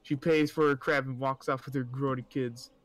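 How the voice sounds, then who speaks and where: A man's voice: mid-range voice, steady tone, moderate pace, no echo. A young man casually reading stories aloud, stumbling over words and often breaking into laughter and mocking asides.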